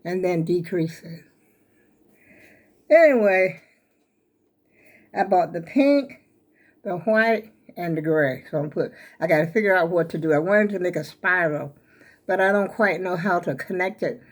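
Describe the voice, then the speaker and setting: Older grandma, kinda low voice, rambling and out of breath, calls everyone y'all. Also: female voice, measured pace, pauses often. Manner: chatty, rambling, folksy, addresses viewers as y'all. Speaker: vlogger showing her crochet. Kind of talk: casual chat to camera. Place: at home.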